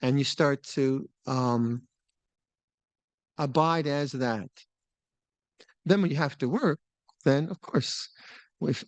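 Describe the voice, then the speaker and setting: An older man teaching meditation at a retreat, talking in a relaxed, musing way with small laughs and restarts. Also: mid-range voice, no room sound. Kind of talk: Dharma talk at a retreat. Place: retreat hall.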